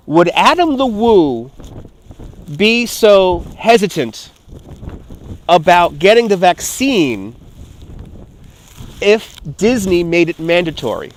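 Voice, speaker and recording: A man, live-streaming outdoors from a phone on a gimbal, talking in an emotional, rambling way, repeating himself and swearing. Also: high voice. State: close to tears. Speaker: livestream vlogger. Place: outdoors in a city street.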